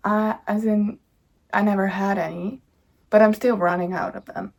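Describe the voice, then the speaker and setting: A young woman talks into her camera at home, rambling cheerfully and drifting off topic. Her voice sits at an ordinary middle pitch, easy and conversational. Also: fairly even intonation, normal speed, darkish tone. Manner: chatty, easily sidetracked, bubbly. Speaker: author and vlogger. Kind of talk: casual rambling chat. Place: home indoors.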